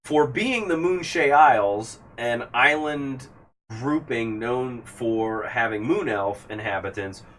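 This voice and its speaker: A man narrating a tabletop game as game master, describing scenes at length and pausing with fillers. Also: mid-range voice, expressive, fairly bright tone. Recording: distant mic, faint background hiss.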